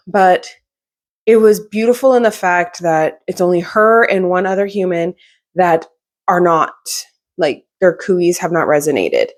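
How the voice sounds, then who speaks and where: A young adult woman chatting casually about books she has read, rambling with fillers and restarts. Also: lowish voice. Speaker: book reviewer. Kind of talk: casual book review chat.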